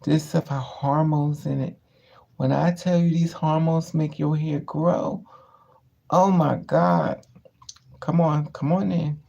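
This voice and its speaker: A woman's voice: low-pitched, steady tone, slow, gravelly, warm tone, highs cut off. A woman chatting casually on a live stream from her car, telling stories and quoting people in raised voices. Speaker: vlogger.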